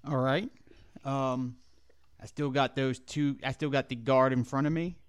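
A man playing a tabletop game who thinks aloud and asks quick questions about the rules. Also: mid-range voice, fairly even intonation, clean tone, no echo, clean studio sound. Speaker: player.

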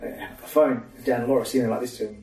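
Talking very fast, a personal trainer and mentor guesting on a podcast swaps laid-back stories and laughs a lot. His voice is mid-range, darkish and fairly even in intonation, captured in a roomy space with a distant mic.

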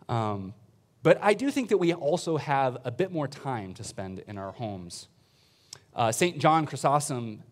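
A man's voice: mid-range voice, darkish tone. A male priest preaching a casual, chatty sermon to a congregation in a church. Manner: informal, chatty preaching with fillers and laughs.

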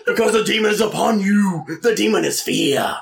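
A man doing a shouting wrestling villain promo. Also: high-pitched, lively intonation, measured pace, creaky, slight background noise, heavily acted. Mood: menacing. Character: ranting male wrestling villain, menacing and boastful.

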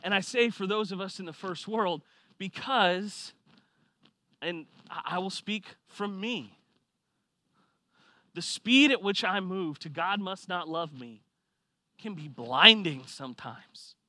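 Man, pastor, sermon, high voice, animated storytelling, dry close sound. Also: slow pace, long pauses, no room sound. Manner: animated storytelling, swings from quiet to loud.

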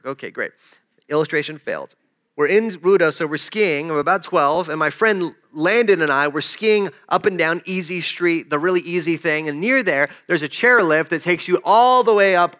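A man's voice: on the high side, bright, forceful tone. A man preaching a sermon, telling a personal story in a conversational way and joking with the congregation. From desert region. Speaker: pastor.

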